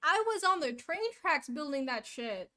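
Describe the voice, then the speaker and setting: Woman on a stream, high bright voice, giggly and unsure. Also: animated, normal speed. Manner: giggly, hesitant, often trails off. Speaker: stream guest. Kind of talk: casual live-stream banter.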